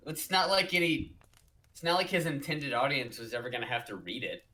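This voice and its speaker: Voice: medium pitch, expressive, normal speed, sharp tone. A podcast co-host chiming in with jokes and laughs during a casual book review chat.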